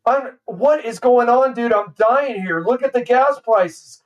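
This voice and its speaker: A naive, whining frog played by a man, pitched high and pleading. The voice sits back from the microphone. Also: a little slow, far from the mic, lo-fi sound. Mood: whiny. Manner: whiny and pleading. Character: gullible, whiny male frog.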